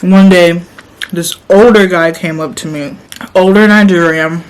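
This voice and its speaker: A woman's voice: lowish voice, steady tone, a little slow, poor audio. A young woman vlogging casually, animatedly telling a story and often laughing while she eats.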